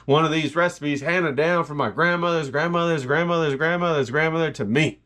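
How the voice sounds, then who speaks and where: A man's voice: on the high side, brisk, fairly bright tone. A man hosting a jokey cooking video in his home kitchen, boasting and hyping up his viewers. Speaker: home cook, vlog host. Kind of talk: comedic cooking vlog.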